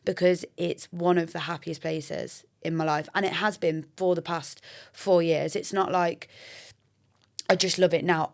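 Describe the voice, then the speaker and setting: A young adult woman, a podcast guest, chatting casually and telling lively stories, often acting out what people said. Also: low voice. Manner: chatty, animated storyteller acting out quoted dialogue. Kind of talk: casual chat.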